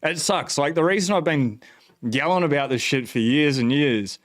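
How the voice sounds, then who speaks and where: An Australian man hosting a casual livestream, excited and profane, rambling with fillers and restarts. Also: on the high side, normal speed. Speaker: bitcoin channel host. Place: at home.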